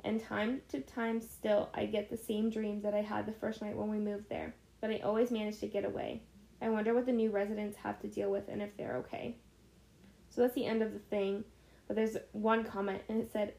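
A woman's voice: mid-range voice, little pitch movement, brisk, creaky, dark tone, reverberant, rough recording. A young woman co-hosting a casual podcast, reading stories and teasing with easy laughter. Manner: laughs easily, playful teasing. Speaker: podcast co-host.

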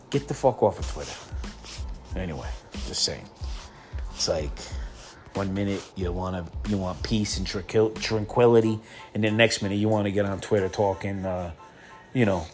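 Low-voiced, foul-mouthed male podcast host. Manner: profane, mocking, rambling. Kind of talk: casual trash-talk podcast monologue.

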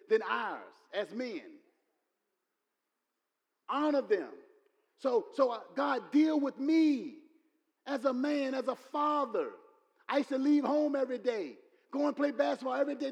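A man preaching a sermon, repeating his points and building to loud exclamations. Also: very high voice. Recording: long hall reverb.

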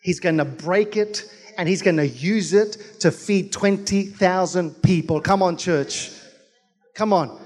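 A man's voice: sits high, measured pace, darkish tone. A man preaching a fervent sermon as pastor, with rhythmic repetition and calls out to the congregation.

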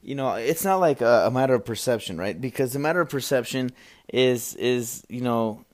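Speaking at a normal pace in a mid-range, slightly mellow voice, this young man sounds animated. He hosts a solo podcast of casual chat into a podcast mic, wandering through jokes with many fillers and false starts.

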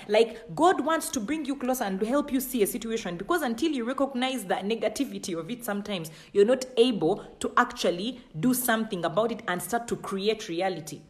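A woman's voice: a little high, expressive, brisk, few pauses. A woman preaching an emphatic sermon, repeating phrases and acting out God's questions in a dramatic voice.

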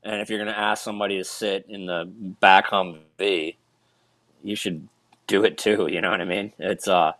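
A man, a military veteran, telling a war story in a halting way with many restarts and fillers. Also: sits low, steady tone, a bit bright, no echo. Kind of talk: casual storytelling.

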